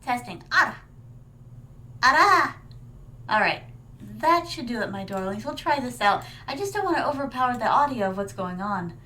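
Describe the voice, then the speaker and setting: This vtuber's voice is highish, sing-song, pushed and bright, moving at normal speed against slight background noise. Reacting live, she plays a theatrical, regal persona, addressing viewers as "my darlings" and dropping Japanese fillers.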